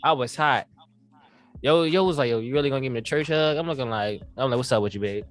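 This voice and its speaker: A man's voice: medium pitch, fast talker. Slangy young man telling a story. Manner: animated storyteller acting out quotes, slangy. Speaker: podcast co-host. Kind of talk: casual storytelling chat.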